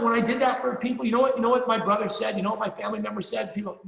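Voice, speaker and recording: A man's voice: sits high, flat delivery, very fast, creaky, hardly any pauses, fairly bright tone. A middle-aged man giving a punchy, rallying motivational speech at a sales meeting, swearing casually and repeating himself for emphasis. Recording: echoey hall, long reverb.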